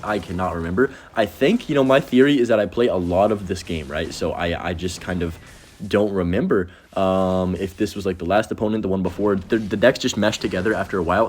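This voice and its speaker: Fast-talking deep-voiced young man gaming. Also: a little hiss or hum. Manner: rambling, self-deprecating, quick reactions. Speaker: gaming commentator. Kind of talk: casual gameplay commentary.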